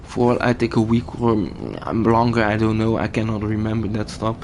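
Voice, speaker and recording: A man's voice: on the low side, moderate pace, noisy background. A man venting while he plays a game, agitated, restarting and repeating words and swearing as he tells his story. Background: game audio and music.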